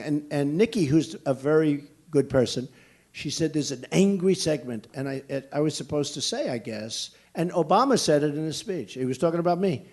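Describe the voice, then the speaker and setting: A man's voice: on the high side, vocal fry, darkish tone. Blunt, emphatic older American man. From United States. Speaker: presidential candidate at a rally. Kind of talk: campaign rally Q&A. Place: large indoor venue.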